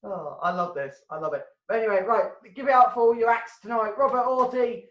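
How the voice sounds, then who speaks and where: A woman's voice: fairly high pitch, a little fast, echoey room, highs cut off. A woman hosting a comedy show from home over a video call, ranting and swearing and laughing at her own jokes. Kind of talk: casual rambling stand-up hosting.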